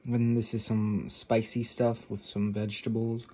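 A man's voice: fairly low pitch, completely flat delivery, measured pace, warm tone. A man vlogging offhand at a dinner table, rambling, swearing freely and talking while he chews, recorded on a camera microphone. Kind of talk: casual rambling vlog.

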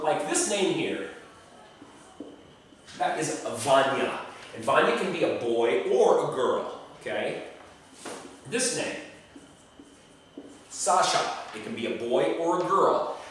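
A man's voice: fairly high pitch, a bit bright, recorded from a distance, a little hiss or hum. Man explaining names in an echoey room. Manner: chatty, pronounces names slowly and repeats them. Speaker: travel tips presenter. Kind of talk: casual explanatory talk.

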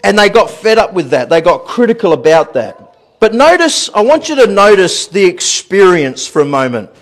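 A man preaching a sermon as pastor in a church, animated, repeating words and laughing at his own stories. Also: sits high, moderate pace. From Australia.

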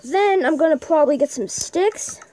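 A woman chats her way through her own gameplay in casual running commentary. Her voice sits a little high and is lively, with wide swings in pitch. She talks to herself and to the viewers as she plays. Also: moderate pace. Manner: chatty, talks to herself while playing. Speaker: gameplay video maker.

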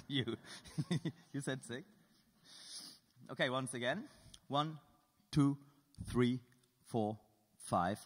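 A man's voice: mid-range voice, extremely slow, long pauses, in a large hall. A man giving a lecture at an art school, playfully polling the audience with show-of-hands questions and dry humor.

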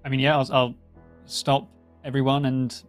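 A man playing in a tabletop game who chats casually with the table, in a mid-pitched voice, with faint music behind. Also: flat delivery, normal speed. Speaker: player. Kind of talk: tabletop role-play chat.

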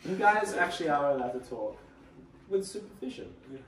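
A man's voice: a little high, very animated, brisk, a bit bright, reverberant, far from the mic, a little hiss or hum, poor audio. A man in an improvised comedy sketch, giving a mock-sincere apology.

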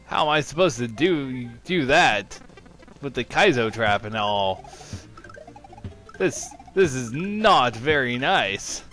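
Slow, sarcastic game commentator man. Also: mid-range voice, animated, pushed and bright, soft background music. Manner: mock-enthusiastic, sarcastic. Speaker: let's-play commentator.

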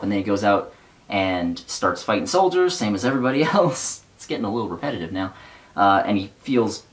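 A man's voice: on the low side, big pitch swings, fairly quick. A man casually recapping and reading from a novel, rambling with fillers and wry asides.

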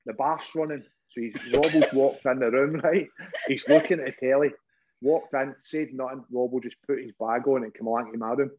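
A Scottish man, a former goalkeeper and podcast guest, telling lively stories in a casual chat, laughing often and swearing freely. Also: medium pitch, a little fast, slight background noise. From Scotland. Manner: laughs often, animated anecdote telling with lots of "right?" and swearing.

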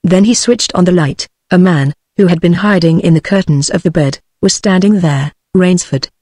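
A synthetic woman's voice with a British English accent narrates an audiobook, reading a script evenly. Her voice is lowish and moderately paced, recorded dry and close with no room sound.

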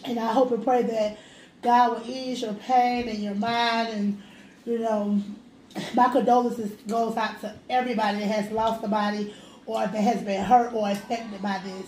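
A woman's voice: fairly high pitch, level tone, moderate pace, darkish tone. A woman hosting a casual home mukbang, talking in an earnest, heartfelt, rambling way. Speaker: host. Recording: echoey room with light noise.

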